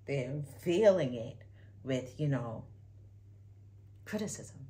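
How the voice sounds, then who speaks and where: Low-voiced woman giving a candid reaction. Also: lively intonation, slow. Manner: candid, emphatic, drifts between loud bursts and soft asides. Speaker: YouTuber reacting to a clip. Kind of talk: casual reaction commentary.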